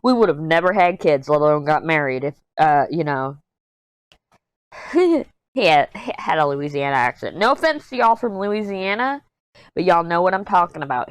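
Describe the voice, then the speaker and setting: Working on a diamond painting, this thirtysomething crafting vlogger talks casually in a fairly low, smooth voice with no room sound. Her chatter is candid and jokey, wandering off on tangents.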